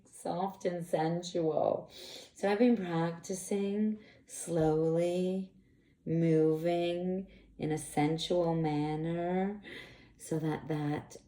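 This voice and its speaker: A woman's voice: mid-range voice, a little hiss or hum. A woman speaking frankly and expressively as an intimacy coach, in a candid monologue. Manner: frank, expressive, animated bursts. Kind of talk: candid direct-to-camera monologue. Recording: echoey room.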